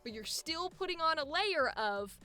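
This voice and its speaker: A woman coaching a voice actor, energetic and emphatic, quick to laugh. Her voice sits fairly high and rings bright and sharp. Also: soft background music. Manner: energetic, emphatic, laughs often, swears casually. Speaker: voice acting coach. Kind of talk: coaching session.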